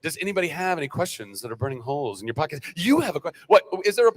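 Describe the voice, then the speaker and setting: A man's voice: very fast, in a large hall. A middle-aged actor on a fan convention panel, rambling, swearing and laughing as he talks to the crowd. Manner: animated, rambling, swears, laughs, goes loud and high. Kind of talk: freewheeling panel talk to fans.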